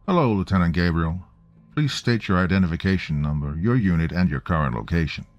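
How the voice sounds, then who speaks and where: A man voicing a cheerful radio operator with an Australian accent, brisk and official. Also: low-pitched, expressive, lo-fi sound. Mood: businesslike.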